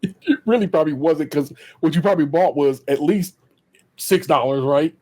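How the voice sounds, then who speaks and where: A middle-aged man hosting a podcast, chatting casually and telling a story in an animated way. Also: normal speed, dry recording. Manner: animated, slips into high voices for quoted people. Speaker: podcast host.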